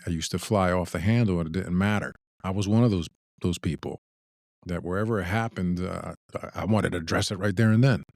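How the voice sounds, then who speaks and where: A man's voice: deep voice, gravelly, darkish tone, no echo, studio quality. A man hosting a relationship talk podcast, talking thoughtfully with frequent restarts and repeated words. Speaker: podcast host. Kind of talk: casual discussion.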